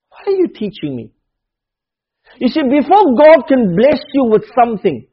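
A man's voice: extremely high pitch, slightly rough, highs cut off. A man preaching a sermon, emphatic, repeating key phrases and dropping to near murmurs.

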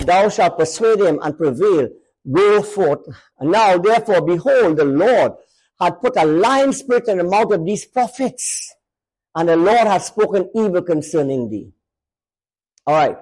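A male preacher giving a sermon, emphatic, swinging between raised and lowered voice. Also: darkish tone, poor audio.

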